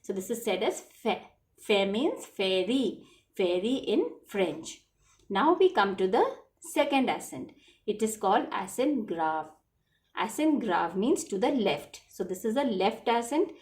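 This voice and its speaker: Woman, French teacher, slow deliberate pace, lively rising and falling pitch, repeats words for children. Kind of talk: classroom lesson for children.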